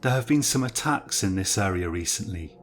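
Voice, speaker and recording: A man voicing an unsettling foreign male bartender who stares too long, in a low, plain storybook reading. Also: animated, fairly quick, faint music behind, natural voice. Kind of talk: storybook narration.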